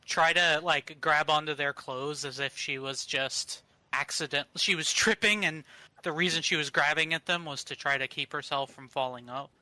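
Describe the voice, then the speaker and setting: Bright, tense-voiced man at the game table. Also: fairly high pitch, steady tone, normal speed, no echo, low-quality recording. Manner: rambling, filler-heavy description of his character's actions. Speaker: player. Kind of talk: casual tabletop play.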